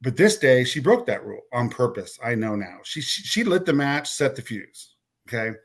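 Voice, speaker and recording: As a guest on a podcast, this man recounts a personal story in a very animated, medium-pitched voice at a moderate pace. He's blunt and swears some, repeats and trips over words, and voices other people's lines as quotes.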